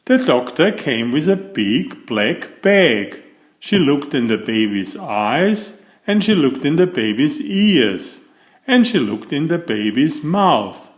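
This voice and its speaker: A male reader narrates a children's picture book aloud in an expressive storytelling way. He takes his time, with a slightly high voice that rises and falls widely. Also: slow pace.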